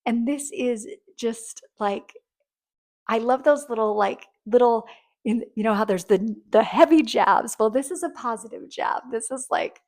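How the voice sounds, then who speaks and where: A woman's voice: a little high, measured pace, darkish tone. A woman in casual, rambling talk, giving relationship advice and acting out sweet, grateful thank-yous. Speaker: relationship coach.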